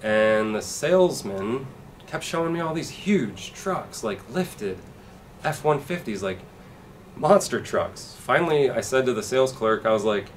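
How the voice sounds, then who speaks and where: Deadpan male stand-up comic, mid-pitched, faint room noise behind. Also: unhurried, distant mic. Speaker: stand-up comedian. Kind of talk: stand-up set.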